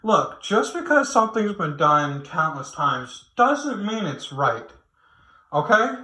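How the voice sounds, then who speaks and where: A man talks through a rambling late-night rant, swearing freely and restarting his sentences. His voice sits a little high and sounds sharp and forceful. He is recorded in an echoey room at home. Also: sing-song, slow pace. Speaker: online commentator.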